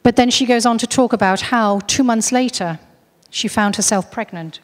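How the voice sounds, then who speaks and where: A woman's voice: fairly high pitch, moderate pace, long reverb tail. A woman giving a talk, earnestly recounting a case story with frequent restarts. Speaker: speaker on UFO contactees.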